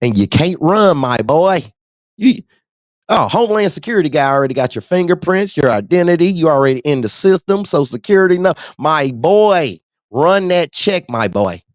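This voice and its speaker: Brief: trucker man, slangy casual rant, lively voice, dull dry recording. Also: fairly high pitch, normal speed, dry recording. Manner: animated, street slang, frequent laughs. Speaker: truck driver.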